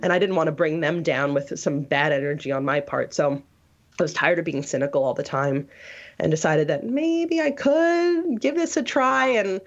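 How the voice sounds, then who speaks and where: A woman's voice: low voice, normal speed. A woman telling her story in a casual interview, rambling, with many restarts and fillers. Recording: dull lo-fi audio.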